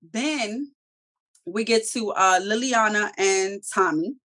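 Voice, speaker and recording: A woman's voice: medium pitch, slow pace, sharp tone. A woman casually recapping a TV episode, swearing freely and acting out the characters' lines. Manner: slangy, profane storytelling with acted-out quotes. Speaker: TV show reviewer.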